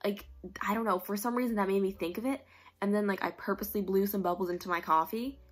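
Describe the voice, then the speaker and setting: A young adult vlogger from New York rambles casually, her speech full of likes and self-aware asides. She talks fast in a steady, medium-pitched voice.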